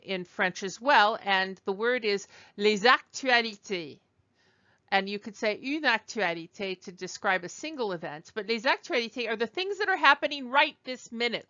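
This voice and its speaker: A woman teaching a language lesson over slides, explaining slowly and digressing as she goes. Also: mid-range voice, sharp tone, clean tone, muffled recording. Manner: explanatory, digressive, with fillers and restarts. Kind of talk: recorded lecture over slides.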